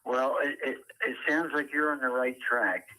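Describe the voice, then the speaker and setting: An older man who works as a ballpark public address announcer, speaking as an interview guest with precise enunciation and frequent "uh" pauses. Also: medium pitch, steady tone, pushed and bright, poor audio.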